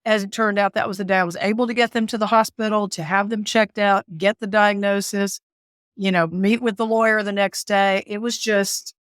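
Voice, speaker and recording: A woman, a caregiver and author telling a lively story in an interview, laughing often. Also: mid-range voice, moderate pace, clear, resonant tone, dry recording, studio quality. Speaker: guest, author and former caregiver.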